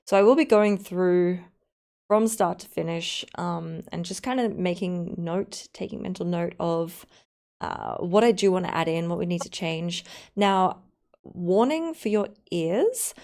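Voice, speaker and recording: A woman's voice: fairly low pitch, a little slow, a little mellow. An Australian woman chatting casually on a live stream, rambling and giggling as she talks.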